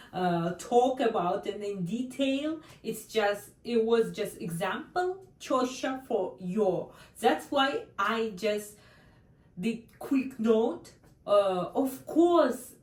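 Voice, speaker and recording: Slow, patient Russian-accented woman teacher. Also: medium pitch, distant mic. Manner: slow, repeats example words, checks in with "okay?". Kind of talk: online language lesson. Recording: roomy echo, a bit off mic.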